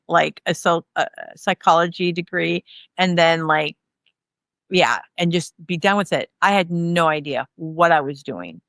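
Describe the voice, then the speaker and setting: A woman in her fifties, a guest in an interview, telling candid stories in a rambling, animated way and acting out the dialogue. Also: fairly low pitch, dry recording. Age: 50s. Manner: rambling, animated, acts out quoted dialogue with laughs.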